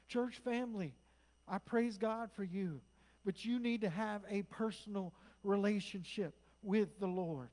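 Middle-aged male pastor, higher pitch, impassioned Pentecostal preaching in a church. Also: poor audio. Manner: impassioned preaching, swinging from loud declarations to soft whispers. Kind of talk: Pentecostal sermon. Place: church sanctuary.

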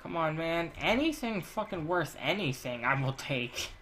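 A man's voice: on the high side, big pitch swings, moderate pace, a bit bright, a little hiss or hum. A man giving crude, profane let's play commentary while he plays, ranting and joking. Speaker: gamer.

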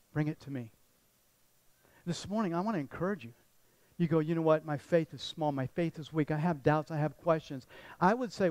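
A man preaching a sermon as pastor, retelling scripture stories with animated voices for the people in them. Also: high voice, no echo.

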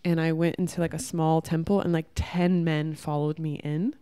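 A woman's voice: deep voice, flat delivery, normal speed, warm tone, clear, resonant tone. A woman vlogger talking candidly to her camera in a rambling, reflective way, filling her sentences with "like". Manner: rambling, heavy use of "like". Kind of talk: casual spiritual monologue to camera.

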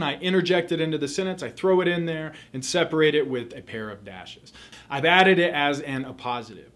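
A man tutoring for a test, explaining grammar rules in a clear, methodical lesson and repeating the key points. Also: a little high, a bit bright.

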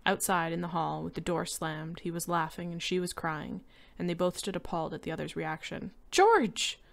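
A woman reading a short story aloud in a steady, descriptive narration. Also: on the low side, a little fast, vocal fry. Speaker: reader.

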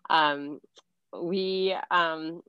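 Low slow woman, lots of ums, dry muffled call sound. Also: fairly even intonation, clean tone, dry recording. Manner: hesitant, many fillers and restarts. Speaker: school district staff member. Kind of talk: farewell tribute at a meeting.

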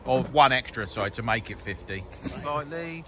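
A man's voice: mid-range voice, lively intonation, a little fast, music in the background. A man filming a casual outing by a river, narrating with teasing jokes and frequent laughs. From England. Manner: jokey, teasing, laughs often. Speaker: vlogger filming a magnet fishing outing. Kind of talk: casual filmed running commentary. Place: outdoors by a river. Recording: noisy outdoor recording.

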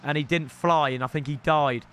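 A young man commentating on his own gameplay, excitable and prone to shouting outbursts, addressing viewers as lads. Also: fairly high pitch, normal speed, clean tone, soft background music. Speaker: gaming YouTuber.

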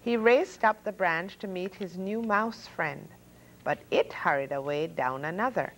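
A woman hosting a story hour, reading children's picture books aloud with expressive sound effects and voices for the animals. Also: lowish voice, measured pace, slight background noise, rough recording. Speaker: storyteller host.

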